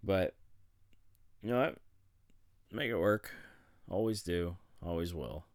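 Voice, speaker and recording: A man's voice: low voice, slow, dry recording, clean studio sound. A man giving a casual, rambling personal update to the camera, swearing freely and chuckling as he goes. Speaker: vlogger.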